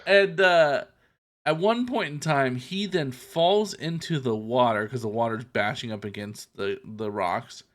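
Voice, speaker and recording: Man, podcast co-host, casual recap, profane, loose, middle pitch. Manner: loose and profane, retelling scenes with quick asides. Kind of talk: casual chat recapping a TV episode.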